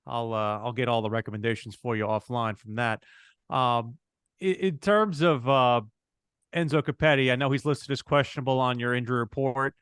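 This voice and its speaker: A male reporter puts questions to a coach at a press conference. His voice is smooth and close, with a dry sound and mid pitch, and he leaves friendly hesitations between phrases. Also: fairly even intonation, moderate pace, fairly bright tone, dry recording.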